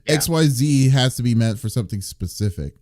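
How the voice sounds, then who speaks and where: A man's voice: medium pitch, animated, a little fast, a little mellow, dry recording, clean studio sound. A man hosting a casual gaming podcast, rambling and restarting as he looks things up online. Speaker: podcast host. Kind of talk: casual chat.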